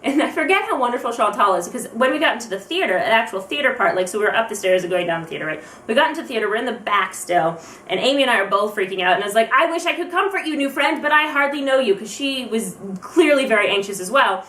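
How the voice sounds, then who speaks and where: A young woman vlogger telling a story fast and excitedly, acting out her own thoughts as she goes. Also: mid-range voice, a little hiss or hum. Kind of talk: casual storytelling. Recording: roomy, distant from the mic.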